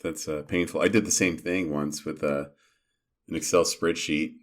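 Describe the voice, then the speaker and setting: Low-voiced man joking on a podcast. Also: fairly even intonation, normal speed. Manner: joking, tells anecdotes. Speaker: podcast co-host. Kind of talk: casual tech-security chat.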